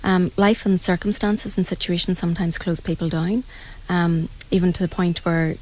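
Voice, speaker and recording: A middle-aged woman with a Northern Irish accent, an angel reader telling a story in a radio interview in an animated, dramatic way. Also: on the low side, moderate pace, low-quality recording. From Northern Ireland.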